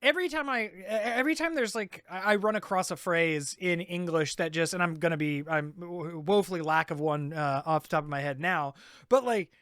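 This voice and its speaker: Rambling, halting male podcast co-host. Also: high voice, a bit bright, clear, resonant tone, dry recording, studio quality. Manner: rambling, halting, full of restarts and fillers. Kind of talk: casual podcast chat.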